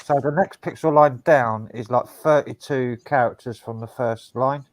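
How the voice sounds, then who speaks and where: A man's voice: medium pitch, normal speed. A man in casual chat, blunt and crude, explaining things step by step.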